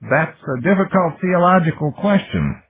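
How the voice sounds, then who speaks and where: A man voicing a young, curious male computer intelligence who asks slow, childlike questions. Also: a little high, very animated, voice pushed up. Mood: musing. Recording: tinny lo-fi audiobook recording.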